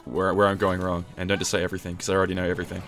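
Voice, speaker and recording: A man's voice: low-pitched, monotone, racing, a bit bright. A man chatting casually while streaming a game, joking at his own expense. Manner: chatty, self-deprecating banter. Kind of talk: casual gaming stream chat. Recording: game music underneath.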